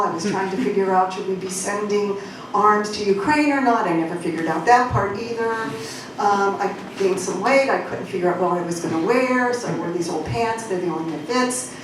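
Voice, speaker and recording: A woman's voice: medium pitch, normal speed, noisy background. Woman doing stand-up style storytelling, rambling and self-mocking, echoey, from far off. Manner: rambling, self-deprecating, with fillers. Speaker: stage performer. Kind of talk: live comedic storytelling. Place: small club stage.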